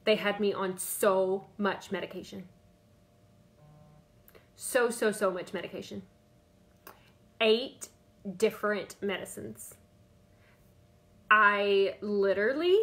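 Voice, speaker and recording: Chatty woman, bright voice. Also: medium pitch, slow pace, long pauses. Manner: chatty, repeats herself, greets viewers by name. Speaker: keto diet coach. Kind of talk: Facebook Live talk.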